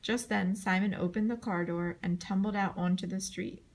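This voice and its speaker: A woman's voice: moderate pace, hardly any pauses. Woman reading a children's chapter book. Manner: reads the dialogue with lively voices, jumping high for shouts. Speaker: audiobook reader. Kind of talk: scripted narration.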